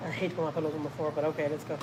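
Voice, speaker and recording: A low-pitched, level-toned woman races through her words on a very noisy recording. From Houston, Texas, this family vlogger livestreams from home, chatting loosely with viewers, teasing herself, and reading their comments aloud.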